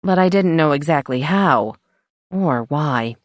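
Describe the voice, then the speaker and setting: A woman's voice: low voice, animated, slow pace, dry recording. A woman narrating an audiobook in first person, with a wry storytelling manner, on a close mic. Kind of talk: scripted narration.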